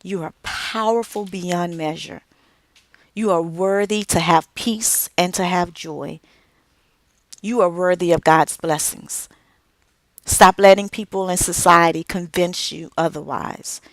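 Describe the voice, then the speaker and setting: Middle-aged woman speaker, emphatic, lowish pitch, unhurried, dry recording. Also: no echo. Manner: slow, emphatic delivery with dramatic pauses. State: tearful at moments. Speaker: author and speaker. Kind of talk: inspirational speech.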